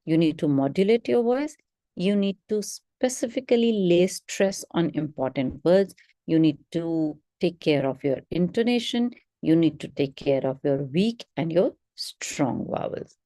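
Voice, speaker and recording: A woman leads a test-prep webinar, speaking slowly and deliberately and leaning on important words. Her voice is lowish and mellow. The sound is dry and close. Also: lively intonation, dry recording. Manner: instructive, stresses key words, slow model readings. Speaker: English test prep teacher. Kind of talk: webinar teaching.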